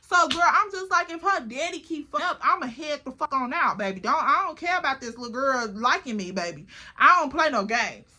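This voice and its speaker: A woman's voice: high voice, expressive, brisk, sharp tone. A young woman telling a casual, profane storytime to the camera, chatty and calling the listener "girl". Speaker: vlogger.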